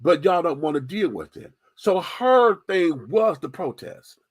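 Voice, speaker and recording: Man, radio host, sassy and profane, swooping lively pitch, dry close sound. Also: a little slow, slightly rough, no room sound. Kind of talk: candid opinion monologue.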